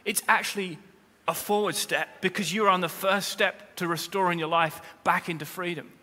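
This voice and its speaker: A man preaching a sermon as pastor, speaking straight to the congregation with humorous asides, and rising to loud, emphatic peaks. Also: sits high, fairly even intonation, moderate pace. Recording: long reverb of a large hall.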